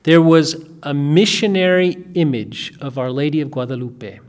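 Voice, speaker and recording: Earnest man telling a story, higher voice. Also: moderate pace. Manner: earnest, repeats words and restarts, emphatic asides. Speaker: speaker recounting a family story. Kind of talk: casual spoken storytelling.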